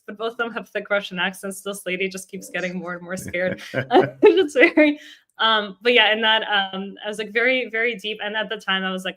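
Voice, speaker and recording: A young adult woman, a startup co-founder, telling a story in a casual interview with lively laughs along the way. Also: mid-range voice, brisk. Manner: animated, laughs often while telling a story.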